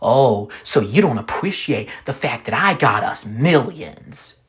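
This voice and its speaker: A man voicing an arrogant, quick-tempered rich husband in a spoken story, raising his pitch well above his own voice. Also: expressive, lightly acted. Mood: resentful. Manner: angry, self-pitying outbursts.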